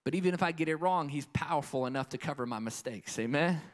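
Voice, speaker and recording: A male evangelist delivers a live sermon at a conference. His voice sits a little high, and he preaches with emphatic, storytelling energy, often pausing for an amen. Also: slight background noise. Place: conference hall with live audience.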